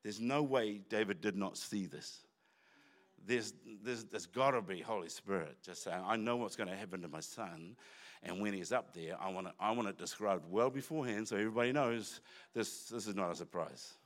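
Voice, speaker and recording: A man's voice: lowish voice, moderate pace. A man preaching a sermon in church, talking conversationally with asides and restarts. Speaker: pastor.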